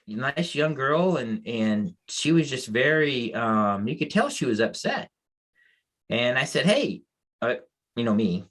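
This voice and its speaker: On a veterans' podcast, an American man, a co-host and mental health advocate, tells a story in a medium-pitched, slightly bright voice. He rambles casually, restarting often and sounding moved by emotion.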